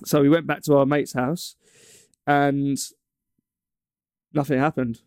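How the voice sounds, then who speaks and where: Young english guy rambling through a story, warm low-key tone, dry close sound. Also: flat delivery, slow, clean tone, dry recording. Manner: rambling, stumbles and restarts often. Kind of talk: casual chat.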